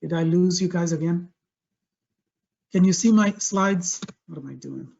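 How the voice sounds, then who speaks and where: Over slightly dull, lo-fi video call audio, a man with a high, gravelly voice runs a webinar at an unhurried pace. He's energetic and emphatic, stressing his points by repeating key phrases.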